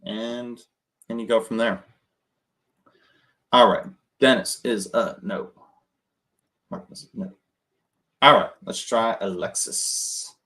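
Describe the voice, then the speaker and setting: Low-voiced man coaching casually. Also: takes it slowly, long pauses, a bit bright. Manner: conversational, keeps adding "right?". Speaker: real estate wholesaling coach. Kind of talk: casual live coaching between phone calls.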